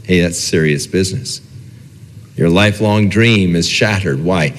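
A man's voice: low voice, unhurried, in a large hall. A man preaching a sermon as a pastor, talking conversationally and acting out the quoted dialogue.

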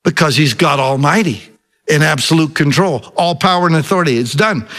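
Animated preaching man, fairly high voice. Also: a little fast. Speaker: pastor. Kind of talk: sermon.

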